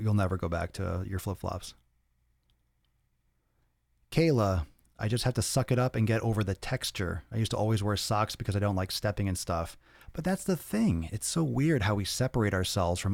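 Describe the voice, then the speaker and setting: A man in his thirties hosts a casual live-stream Q&A and answers viewer comments. His voice sits low, and he talks in a blunt, profane, joking way. The sound is dry, with no room echo. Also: darkish tone. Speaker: podcast host answering viewer questions.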